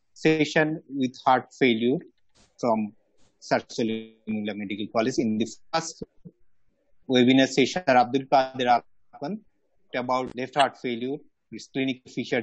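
A man chairing a medical webinar session, speaking formally and in a measured way. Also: medium pitch, dry recording. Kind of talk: formal conference introduction. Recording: dull dry lo-fi webinar audio.

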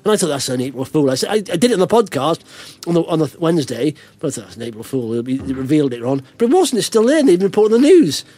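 A man with a high, very lively voice chats as a podcast host, ranting with big swings and frequent laughs. His voice is close and dry, with no room around it. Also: fast talker, no echo. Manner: animated ranting, laughs often. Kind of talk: casual chat.

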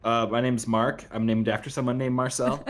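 Man co-host, casual stream banter, joking, mid-pitched voice, faint music. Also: flat delivery, a little fast. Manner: joking, pitches ideas, reads chat aloud. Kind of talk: casual live-stream chat over gameplay.

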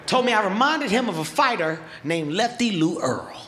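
A male comedian telling a story on stage into a handheld mic, animated and profane, acting out scenes. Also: high voice, normal speed. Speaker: stand-up comedian. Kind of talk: stand-up storytelling. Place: large comedy venue on stage.

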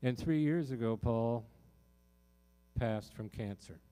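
A man's voice: medium pitch, slow, warm tone. A man, a singer-songwriter on a concert stage, telling a heartfelt personal story to a live audience with many fillers and restarts.

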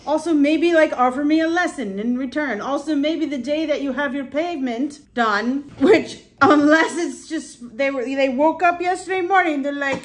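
A woman's voice: sits high, moderate pace, hardly any pauses, no echo. A woman vlogging in a casual chat, talking in a chatty, exasperated and self-mocking way.

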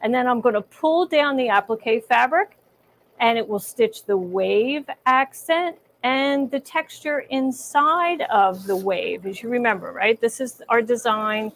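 A middle-aged woman with a fairly high voice hosts a live sewing lesson. She talks viewers through each step in a chatty, encouraging way. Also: measured pace, fairly bright tone. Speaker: embroidery instructor. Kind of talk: live-streamed sewing demonstration.

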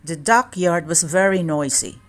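A woman reading a children's storybook aloud in a calm, measured way. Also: fairly low pitch. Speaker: children's book reader.

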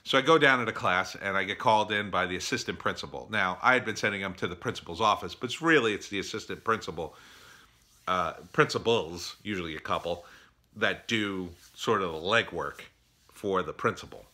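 A middle-aged man tells a story in a casual opinion monologue, with a rather low voice and a sharp, forceful, bright tone. He talks in an animated way and acts out both sides of the conversation in exasperated bursts. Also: brisk. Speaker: former teacher telling an opinion story.

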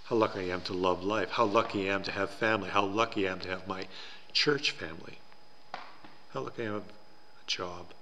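A man preaching a sermon in a church, telling a story in an earnest, slow and deliberate way. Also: deep voice, sharp tone, big-room sound, slight background noise. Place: church sanctuary.

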